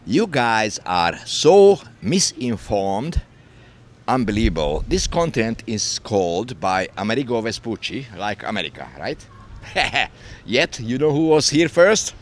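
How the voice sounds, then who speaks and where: Lively, emphatic man interviewee. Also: mid-range voice, a little slow. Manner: emphatic, contrarian. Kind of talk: casual chat.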